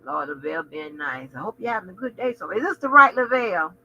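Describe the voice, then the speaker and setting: A woman hosting a casual livestream, chatting with viewers in a sassy, profane way full of animated asides. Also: on the low side, fast talker, slightly rough, lo-fi sound. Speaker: channel host.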